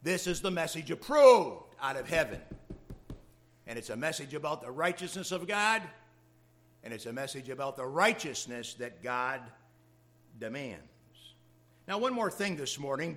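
A man's voice: mid-range voice, fairly bright tone. A man preaching a sermon to his congregation, with dramatic rises of emphasis in a preaching cadence. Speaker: pastor.

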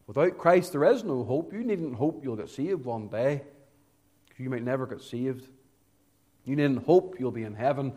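A man at a moderate pace delivers an evangelistic sermon that moves between quiet, low stretches and loud, forceful climaxes. He stretches out the important words.

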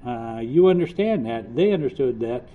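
A man's voice: medium pitch, animated, moderate pace. A man preaching a sermon, earnest, often restarting and repeating his words. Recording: dull lo-fi recording.

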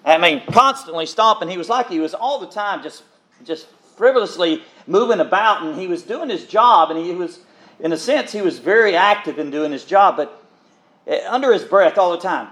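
High-voiced earnest male preacher. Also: expressive. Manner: earnest, pausing, repeats words, addresses listeners as beloved. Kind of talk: sermon.

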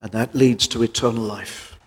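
A man preaching a sermon in an earnest voice, pressing his points with rhetorical questions and swinging between loud emphasis and quieter passages. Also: medium pitch, steady tone, moderate pace, in a large hall.

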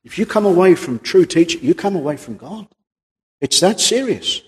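A man preaches a sermon in a high-sitting, husky voice, animated and at a moderate pace. Earnest and emphatic, he reads King James scripture aloud, with the long reverb of a large hall around him.

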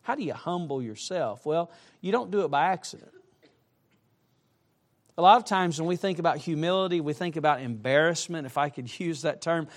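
A middle-aged male preacher with a notably high voice delivers a sermon in a church. He speaks emphatically and breaks up his points with humorous asides. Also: animated, normal speed. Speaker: traveling preacher. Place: church sanctuary.

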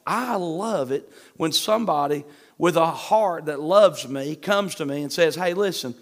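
A man preaching a sermon in an emphatic, animated manner, with a shifting pace. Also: sits high.

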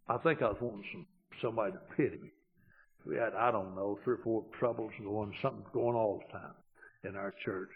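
A man, a pastor preaching a homespun storytelling sermon that drops quiet and then swells loud for emphasis. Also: medium pitch, breathy edge. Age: 60s. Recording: dull lo-fi recording.

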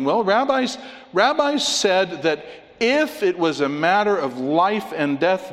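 A man's voice: on the high side, in a large hall. A man preaching a sermon, telling a joke and reading scripture, asking his listeners rhetorical questions. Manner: storytelling, asks the congregation rhetorical questions.

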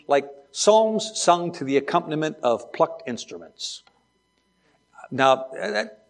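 Chatty male Bible teacher. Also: fairly high pitch. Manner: chatty, digressive, joking asides to the class. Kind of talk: classroom Bible lesson.

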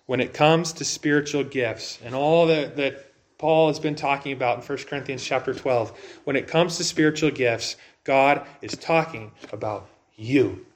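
A man's voice: mid-range voice, moderate pace. A man preaching a sermon in a conversational way, asking rhetorical questions and using light humor. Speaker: pastor.

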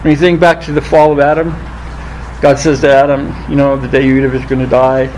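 A man preaching a sermon, reading scripture aloud and rising in pitch on the quoted lines, thinking aloud with restarts. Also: little pitch movement, fast, darkish tone, a little hiss or hum, low-quality recording. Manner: rises in pitch when quoting scripture.

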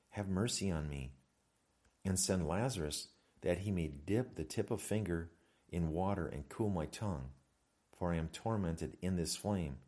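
A man preaching a sermon in a measured way, reading scripture passages aloud between his own explanations. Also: low voice, a little mellow. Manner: measured, reads scripture aloud in King James wording.

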